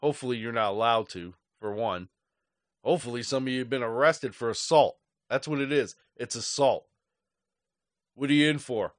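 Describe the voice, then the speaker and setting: An angry sports podcast host swears heavily through an unscripted, rambling rant on his fan show. He speaks at a normal speed in a mid-range voice, leaving long pauses. The sound is clean and studio-made, with no echo.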